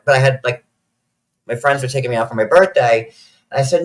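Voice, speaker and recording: A man's voice: medium pitch, lively intonation, fairly quick, low-quality recording. A man, telling a personal story in a rambling, casual way, swearing freely and close to tears at times.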